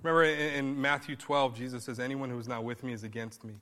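Bright-voiced man preaching in a reverberant hall. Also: mid-range voice, fairly even intonation, quick pace. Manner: conversational preaching, rising to emphatic bursts. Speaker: pastor. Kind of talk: sermon.

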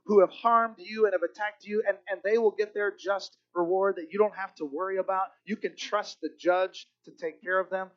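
A man preaching a sermon in an earnest way, often dropping to a hush for emphasis. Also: sits high, lo-fi sound.

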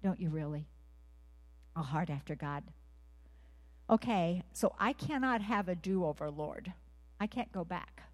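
Preaching to a women's gathering, a woman with a fairly low voice and lively intonation speaks unhurriedly and pauses often. She asks the audience earnest questions, leads call and response, and at times sinks to a hushed whisper.

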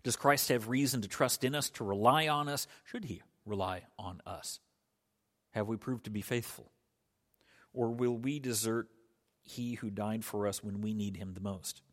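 A man's voice: fairly low pitch, normal speed. A man preaching a sermon earnestly, with frequent restarts and emphatic rises in his voice. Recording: long hall reverb.

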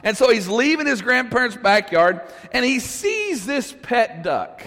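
A man with a high voice preaches to his congregation, and his voice rings out with the long reverb of a church hall. He tells his story casually, asks the room questions and chuckles along the way. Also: sing-song, unhurried, gravelly, a bit bright. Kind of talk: sermon storytelling.

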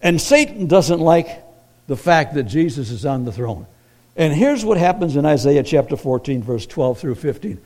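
Male pastor mid-sermon: a lively, high-ish voice that drops to a near hush and climbs to forceful emphasis. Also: normal speed. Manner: swings from hushed storytelling to loud emphatic preaching.

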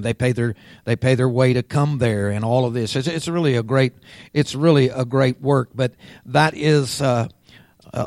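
A man preaching a sermon as pastor, unhurried and swelling louder and higher on key words. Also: no echo.

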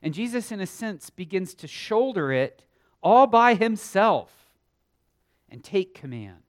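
Brief: unhurried male Sunday school teacher, earnest, emphatic, swings from loud to hushed. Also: high-pitched, big pitch swings. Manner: earnest, emphatic, swells loud then drops quiet; thinks aloud with small restarts. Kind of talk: Bible lesson teaching.

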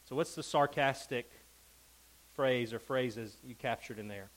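A man's voice: mid-range voice, measured pace, a bit bright, low-quality recording. A man teaching a Bible lesson to a class. He reads scripture with emphasis and keeps checking in with the group.

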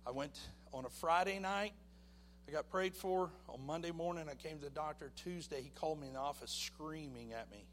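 A man giving a personal testimony at church, telling his story with lively acted-out voices. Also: a little high, fairly quick, long reverb tail, a little hiss or hum. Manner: animated storytelling, acting out voices.

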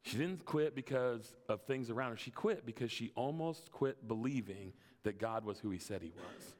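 A man's voice: mid-range voice, animated, moderate pace, a little mellow, in a large hall. A man preaching a sermon as a pastor, speaking in an earnest, conversational way and often repeating his first words as he starts a sentence.

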